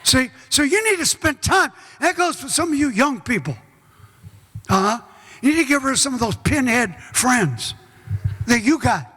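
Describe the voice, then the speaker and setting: A middle-aged man preaching a sermon as pastor, folksy and joking, bursting into shouts. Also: very high-pitched, big pitch swings, normal speed, slightly rough. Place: large church hall. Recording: echoey church hall.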